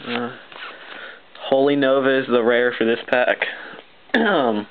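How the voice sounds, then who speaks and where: A man talks through opening card packs, excitable and stammering, often apologizing as he goes. His voice sits at an ordinary pitch for a man. The recording is thin and phone-like, with a loud hiss underneath. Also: takes it slowly. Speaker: card pack opener. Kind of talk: unboxing commentary.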